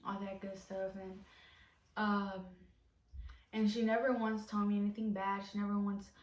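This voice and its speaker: A young woman tells a story in a loose, rambling vlog voice, full of fillers, her pitch staying flat and even. She sits back from the camera mic, so the room rings around her. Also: normal speed, distant mic. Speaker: vlogger. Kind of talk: casual storytime. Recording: roomy echo, off from mic.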